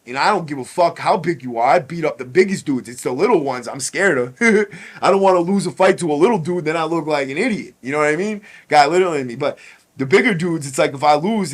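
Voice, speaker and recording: A podcast host telling a personal story in casual, blunt, profane street talk. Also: male voice, on the high side.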